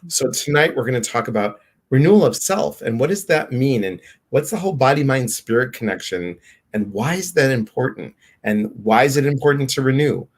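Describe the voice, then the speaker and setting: A man hosting a live stream, excitedly welcoming viewers by name in a casual, bubbly way. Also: mid-range voice, a little fast.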